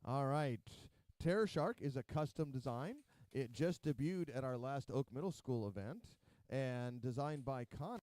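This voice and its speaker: A man's voice: mid-range voice, expressive, normal speed, no room sound. A man announcing robot combat matches, counting down and calling the hits live. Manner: counts down loudly, calls hits. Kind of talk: live arena commentary.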